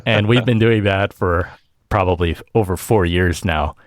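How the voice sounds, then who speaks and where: A man's voice: sits low, a little slow, no room sound, studio quality. A man hosting a podcast and chatting casually, laughing often and acting out what family members say. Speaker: podcast host. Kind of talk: casual chat.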